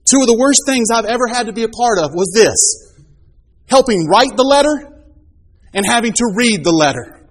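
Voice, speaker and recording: A man's voice: very high-pitched, lively intonation, normal speed. A man in his thirties preaching a sermon, telling stories with rhetorical questions and rising emphasis.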